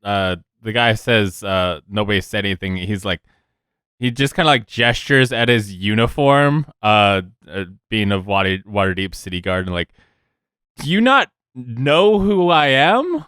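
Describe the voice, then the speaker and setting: A man playing a character in a tabletop game, speaking haltingly with many fillers and restarts. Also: lowish voice, steady tone, pushed and bright, smooth, no room sound, clean studio sound. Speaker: player.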